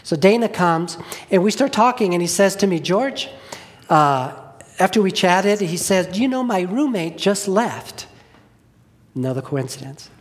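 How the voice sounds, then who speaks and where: A man, a preacher giving an earnest testimony in a sermon, often dropping to hushed tones. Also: sits high, lively intonation, a little slow.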